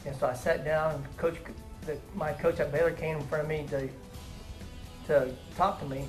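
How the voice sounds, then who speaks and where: A man's voice: on the high side, level tone, normal speed, soft background music, poor audio. A man in his fifties, a former player, telling stories about his old coach in an earnest, emphatic way. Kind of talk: casual interview tribute.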